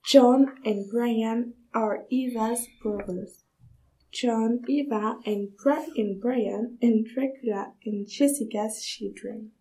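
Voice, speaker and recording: A young schoolgirl reading the narration of a class play slowly and carefully. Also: a little high, mellow, rough recording. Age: child.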